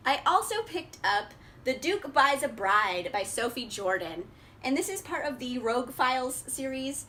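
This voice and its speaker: Bright, bubbly young woman vlogger. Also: high voice, big pitch swings, normal speed, a little hiss or hum. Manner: bubbly, chatty, lots of "like" and laughs. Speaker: book vlogger. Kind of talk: casual book haul chat.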